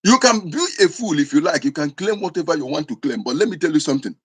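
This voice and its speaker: A man's voice: fairly high pitch, animated, fast, slightly rough. A man with an Igbo accent, a traditional spiritual teacher preaching in a scolding, insistent way, often restarting his words. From southeastern Nigeria. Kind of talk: impassioned preaching to camera.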